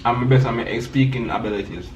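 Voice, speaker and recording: Brief: Jamaican man, laid-back and low-key, mid-pitched, recorded roomy and at a distance. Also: quick pace, dull audio. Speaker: guest. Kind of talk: casual chat over food. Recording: roomy, from a distance, faint noise.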